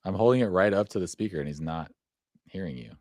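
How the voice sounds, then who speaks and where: Deep-voiced male host, halting, filler-heavy delivery, dry close sound. Live casual chat. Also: expressive, darkish tone, no room sound. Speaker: show producer and host.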